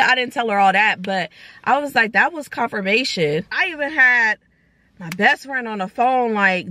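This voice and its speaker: A young woman tells a personal story straight to camera in a loose, chatty way, bouncing between her own voice and the lines of the people she met. Her voice is bright and fairly high. The sound is dry and close. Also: dry recording. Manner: animated, retells dialogue in quick bursts. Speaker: vlogger. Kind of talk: casual storytime vlog.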